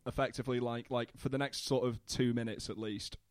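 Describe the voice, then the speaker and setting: A man tells anecdotes on a live podcast with sweary, sardonic asides. His voice is mid-pitched and dry. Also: fairly even intonation, fairly quick, smooth, no room sound. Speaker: podcast co-host.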